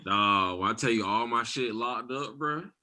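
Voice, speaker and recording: A man's voice: mid-range voice, moderate pace, pushed and bright. A man in his thirties co-hosting a podcast, bantering in heavy slang. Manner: slangy banter, ends lines with "bro" and "boy". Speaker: podcast co-host. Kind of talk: casual chat.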